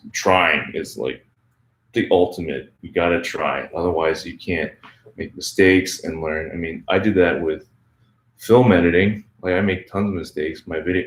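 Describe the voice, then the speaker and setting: A man with a deep, low voice answers viewer questions about learning English in a loose, chatty way, dropping plenty of "like" and "um". He sounds like a friendly teacher talking off the cuff. The sound is roomy and echoey. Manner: relaxed, chatty, lots of "like" and "um". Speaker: English teacher, channel host.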